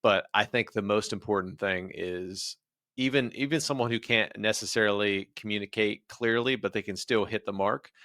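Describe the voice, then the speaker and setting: A man's voice: on the low side, moderate pace, bright, forceful tone, no room sound, studio quality. A man from rural West Virginia who hosts an interview show, speaking plainly and telling stories from his own life. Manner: plainspoken, tells personal stories. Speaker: podcast host. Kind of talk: casual interview talk.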